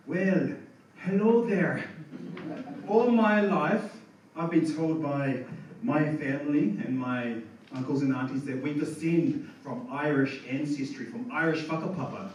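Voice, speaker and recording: Laid-back New stand-up comedian. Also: male voice, fairly high pitch, measured pace, darkish tone, a little hiss or hum. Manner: laid-back storytelling, chuckles at his own jokes. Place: comedy bar stage. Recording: echoey bar room from far off.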